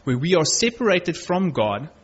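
A man's voice: fairly high pitch, big pitch swings, normal speed, breathy edge. A man preaching a sermon, reading Bible verses aloud and earnestly stressing key words. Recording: dull lo-fi recording.

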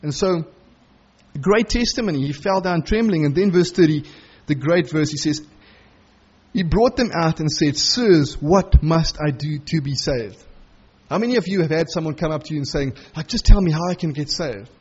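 A man's voice: a little high, expressive, moderate pace, a little mellow, breathy edge, highs cut off. A man preaching a sermon through a Bible passage, acting out the quoted lines as he goes.

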